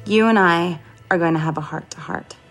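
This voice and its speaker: Actress doing a cold scheming sister, calm menace, low gravelly voice, film drama, faint music behind. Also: female voice, brisk, natural voice. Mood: coldly menacing. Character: cold, scheming woman confronting her sister.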